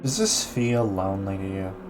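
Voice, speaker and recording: A man's voice: low-pitched, moderate pace, over music. A man streaming a casual art gallery talk, chatty, with many restarts, answering his chat. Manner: chatty, frequent restarts and fillers, laughs easily, reads chat aloud.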